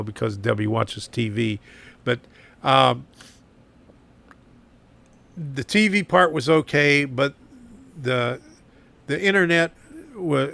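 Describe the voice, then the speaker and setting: A man hosting a live stream from his garage, rambling and complaining, repeating himself, slightly hoarse and clearing his throat. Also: medium pitch, fairly bright tone. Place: home garage workshop.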